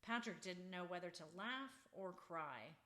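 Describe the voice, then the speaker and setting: Unhurried woman reading a storybook. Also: fairly low pitch, animated, sharp tone. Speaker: children's book author reading her book. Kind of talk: storybook read-aloud.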